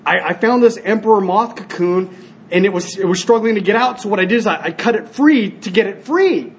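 A man's voice: high-pitched, expressive, fairly quick, slight background noise. A man voicing a fretful young priest. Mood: anxious. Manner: fretful, stammering explanation. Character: new young male priest, anxious.

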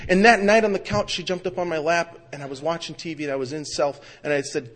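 A man telling his own recovery story at a meeting, with emphatic storytelling that swings from loud outbursts to quiet, low passages. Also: fairly even intonation, fast, hardly any pauses. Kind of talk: personal recovery talk.

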